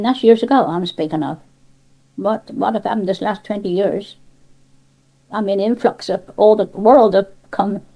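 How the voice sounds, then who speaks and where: Heard muffled on cassette tape, an older woman from Cornwall talks with a medium-pitched voice and a Cornish accent. Interviewed about dialect, she wanders through her answers with many restarts and side remarks.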